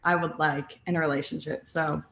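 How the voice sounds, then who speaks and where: A woman's voice: low-pitched, a little fast, creaky, roomy sound. Young woman guest chatting with fillers. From Florida. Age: young adult. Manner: relaxed, hedging, laughs easily. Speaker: guest, country singer. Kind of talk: casual interview chat.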